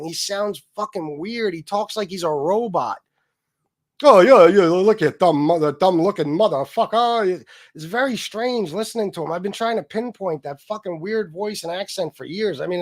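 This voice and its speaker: Forties male livestream host, slightly high-pitched, crude and heated, jabbing then muttering. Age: 40s. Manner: heated, profane, jumping between loud jabs and low mutters. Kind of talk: profane livestream rant.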